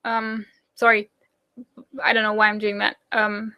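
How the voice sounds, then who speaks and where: A woman's voice: medium pitch, monotone, unhurried, bright, forceful tone, clean tone. A young German woman hosting a casual live Q&A, chatty and fidgety with lots of ums and likes, speaking English with a German accent. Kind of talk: casual live chat answering viewer questions.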